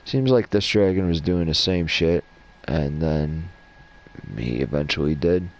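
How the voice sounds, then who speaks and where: A man's voice: rumbling low, a little slow, a little hiss or hum. A man casually rambling and swearing as he talks through game lore over his gameplay. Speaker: gaming channel host.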